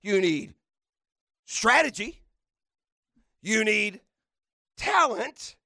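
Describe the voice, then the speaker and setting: A man hosting sports radio, delivering a fiery, mocking rant with shouted bursts. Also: sits high, very animated, takes it slowly, long pauses, no echo, studio quality. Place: radio studio.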